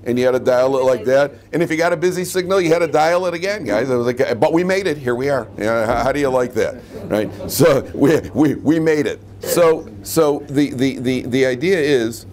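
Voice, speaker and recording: Joking rabbi teaching a class. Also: male voice, mid-range voice, normal speed, hardly any pauses, darkish tone. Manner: joking, asks the class questions. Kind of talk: humorous classroom lecture. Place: classroom with students.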